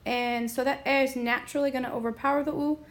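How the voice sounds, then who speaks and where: A woman explaining a Spanish grammar lesson in a slow, deliberate way, stopping now and then to clear her throat. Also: high-pitched, steady tone. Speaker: Spanish teacher.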